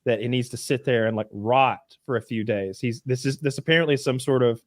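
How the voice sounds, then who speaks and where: A man's voice: medium pitch, brisk, no echo, clean studio sound. A man co-hosting a podcast, casually recapping a show and acting out the characters in quoted voices, with plenty of swearing. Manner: animated storytelling, acts out characters in quoted voices, swears freely. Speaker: podcast co-host.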